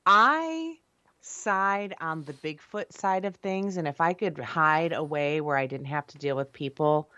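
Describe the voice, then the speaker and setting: A woman's voice: on the low side, fairly bright tone, dry recording. A woman, a paranormal investigator and author, chatting as a guest in a casual interview, laughing often and restarting her phrases. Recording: dull lo-fi remote audio.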